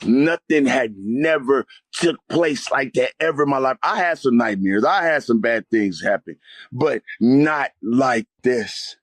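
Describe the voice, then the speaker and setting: A man telling an intense personal testimony as an interview guest, speaking emphatically and rising to near-shouts at dramatic moments. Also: mid-range voice, animated, measured pace, dry recording.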